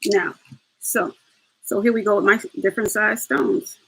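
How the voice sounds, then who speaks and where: A woman's voice: medium pitch, steady tone, moderate pace, creaky, fairly bright tone, breathy edge, low-quality recording. A woman hosting a casual step-by-step craft tutorial, chatty and laughing as she talks to her viewers.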